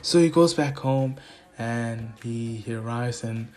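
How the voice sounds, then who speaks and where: A man's voice: medium pitch, takes it slowly, a little mellow. Rambling, chuckling young male storyteller. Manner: rambling, chuckles often, self-deprecating. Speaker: YouTube storyteller. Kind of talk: casual rambling story retelling.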